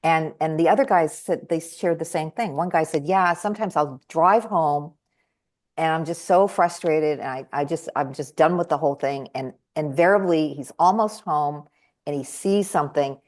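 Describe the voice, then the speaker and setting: Lively, slightly low-voiced woman storyteller. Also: moderate pace. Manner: animated, acts out quoted voices with big jumps in pitch. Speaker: guest speaker and trainer. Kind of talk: conversational storytelling.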